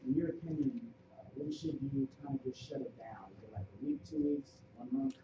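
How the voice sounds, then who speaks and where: A man in the audience asking a hesitant, halting question. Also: fairly high pitch, wildly swooping pitch, vocal fry, mellow, slight background noise. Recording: muffled, off-mic from across the room.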